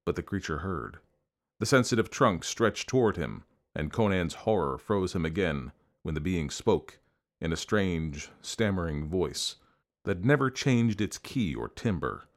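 A man narrating an audiobook in a measured, expressive storytelling manner. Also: deep voice.

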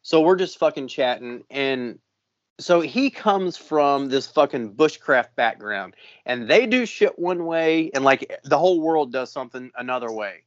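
A man's voice: medium pitch, expressive, a little slow, no room sound, muffled recording. Profane, rambling podcast co-host man. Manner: profane, rambling, swears constantly. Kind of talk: casual chat.

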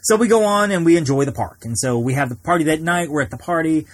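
A man's voice: a little high, animated, quick pace, no room sound. A man hosting a podcast, telling a long personal story in a casual, rambling way with many restarts. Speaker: podcast host.

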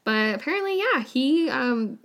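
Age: adult. Sex: woman. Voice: fairly high, giggly. Role: podcast co-host. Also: animated, normal speed, a bit bright. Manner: laughs often, morbid humor. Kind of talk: casual chat.

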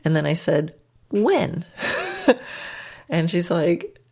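Low-pitched lady podcaster, chatty riding coach, laughs at herself a lot. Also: expressive, slow pace, darkish tone. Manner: chatty, self-deprecating, laughs often, many restarts. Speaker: podcast host and riding instructor. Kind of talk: casual storytelling.

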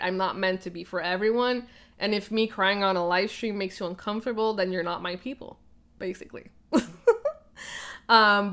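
A woman's voice: mid-range voice, fairly bright tone. Earnest woman telling a personal story. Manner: earnest, fillers of "like" and "right?", laughs often. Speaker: podcast host.

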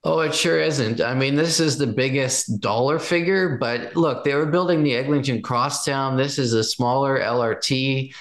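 A man giving political commentary in a conversation, forceful and indignant, building his case with examples. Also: medium pitch, normal speed, hardly any pauses. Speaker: guest commentator.

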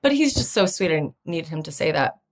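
A woman in her thirties hosts a podcast, chatting her way through a personal dating story at normal speed in a low-pitched, fairly even voice. She often acts out other people's lines in a raised voice during this casual monologue.

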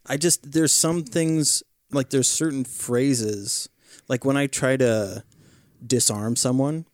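A man chatting casually in a hesitant, halting way. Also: mid-range voice, no room sound, studio quality. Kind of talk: casual chat.

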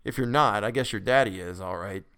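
A man's voice: fairly low pitch, a little fast, fairly bright tone, clear, resonant tone, pitched below the performer's own voice. A man voicing a casual tailor's clerk who speaks hesitantly.

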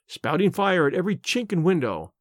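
Expressive male audiobook narrator. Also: sits high, a little fast, no room sound, clean studio sound. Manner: clear, expressive storytelling. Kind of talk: first-person audiobook narration.

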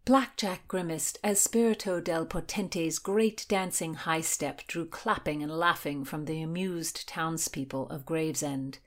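A woman reads a historical novel aloud in a measured, expressive storytelling voice. Her pitch sits on the low side. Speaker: narrator. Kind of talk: audiobook narration.

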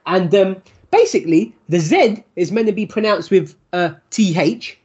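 A man, co-hosting a casual podcast chat, animated and repeating himself for emphasis. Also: high-pitched, normal speed, husky. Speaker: podcast co-host. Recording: dull lo-fi sound.

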